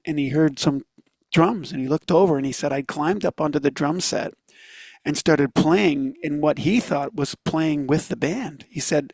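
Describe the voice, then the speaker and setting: A man's voice: on the high side, vocal fry, a little mellow, no room sound. A man from Northern Ireland with a Canadian accent, a guest drummer telling stories in a chatty way and laughing easily. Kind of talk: interview storytelling.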